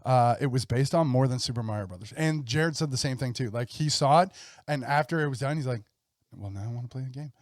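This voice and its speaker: A man's voice: mid-range voice, a little fast, dry recording, studio quality. A man in his thirties co-hosting a podcast, talking eagerly and rambling with restarts. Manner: enthusiastic, rambling with restarts and laughs. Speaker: podcast co-host. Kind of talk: casual chat.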